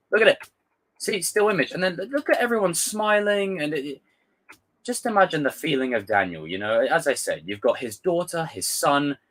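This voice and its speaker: Young male commentator, gushing and emotional, lively animated delivery, swears freely. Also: medium pitch. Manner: passionate, excitable, swears freely. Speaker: pop culture commentator. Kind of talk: emotional trailer breakdown with viewers.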